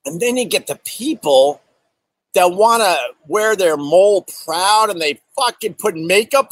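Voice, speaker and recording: Animated, profane man telling stories. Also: high voice, a little slow, no room sound, poor audio. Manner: animated, profane, acts out exaggerated quotes; reads and answers viewer chat. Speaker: comedian host. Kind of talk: casual storytelling monologue. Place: outdoors in bright sun.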